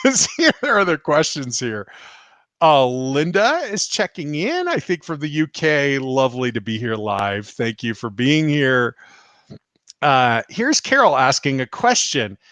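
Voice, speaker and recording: Speaking at a measured pace in a medium-pitched voice, a male spiritual teacher and healer from the US answers questions from his live-stream audience. The recording is dry, and his storytelling is lively and full of laughter.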